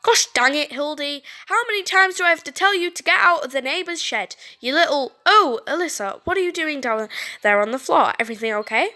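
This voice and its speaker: A woman's voice: high voice, animated, brisk, pushed and bright. A woman voicing a folksy male neighbor in a game she reads aloud. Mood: exasperated. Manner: folksy, exasperated. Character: folksy neighbor man scolding his dog.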